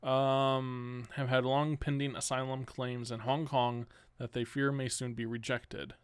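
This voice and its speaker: A man hosting a solo news commentary podcast, reading news items aloud and cutting in with sarcastic, exasperated remarks that jump up in pitch. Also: level tone, measured pace, clear, resonant tone, dry recording. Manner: reads news items, then rants sarcastically; exasperated outbursts with rising pitch. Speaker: podcast host.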